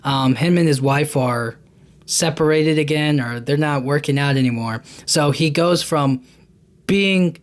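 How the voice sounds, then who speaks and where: A man's voice: a little high, a little slow. Rambling male podcast host recapping a film. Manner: rambling, loose, with many restarts and fillers. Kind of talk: casual movie recap.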